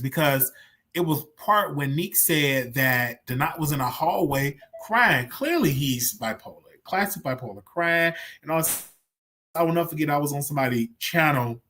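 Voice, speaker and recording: A man's voice: on the high side, normal speed, fairly bright tone. A man hosting a livestream, talking candidly and animatedly about his own past, often repeating himself for emphasis. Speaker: show host. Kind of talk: casual livestream commentary.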